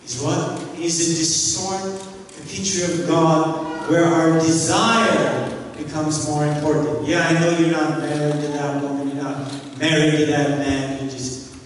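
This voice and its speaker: Middle-aged pastor preaching in an echoey church. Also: male voice, fairly high pitch, steady tone, a little slow. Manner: emphatic preaching with rhetorical questions. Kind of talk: sermon. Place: church sanctuary. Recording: echoey hall, distant mic, faint noise.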